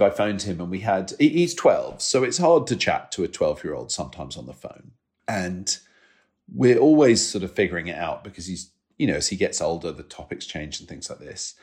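This is a man in his forties with a lowish voice. He talks candidly and haltingly, breaking off and restarting his sentences. There is an emotional, self-deprecating edge to how he tells his stories. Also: darkish tone. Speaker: guest. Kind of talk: candid conversational storytelling.

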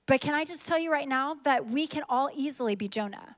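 A woman preacher giving an animated sermon and calling on the congregation to repeat lines after her. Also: high voice, a little fast.

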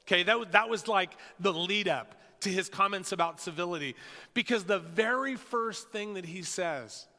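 A man preaching a sermon as pastor, animated, with emphatic pauses and rhetorical questions. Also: high-pitched. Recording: long hall reverb.

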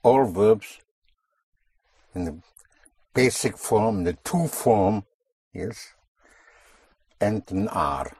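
A man's voice: lowish voice, expressive, drawn-out words, pauses often, a little mellow, slightly rough, no room sound. A man teaching a language class, patiently drilling words and correcting pronunciation.

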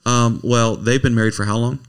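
A man's voice: medium pitch, fairly even intonation, a little fast, clear, resonant tone. A man hosting a casual chat, joking and teasing his guests in a rambling way. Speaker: host.

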